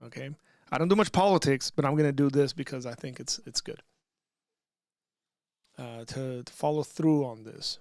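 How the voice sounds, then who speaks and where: A man's voice: mid-range voice, moderate pace, pauses often, a little mellow, no room sound, studio quality. Casual man answering chat questions. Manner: loose and conversational, frequent ums and restarts, reading questions aloud. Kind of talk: casual livestream Q&A.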